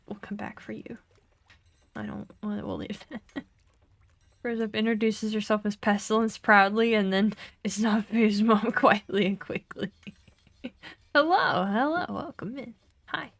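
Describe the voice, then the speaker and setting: A woman's voice: medium pitch, gravelly, no room sound. A young woman streaming a game, chatting casually, giggling often and reading game text aloud.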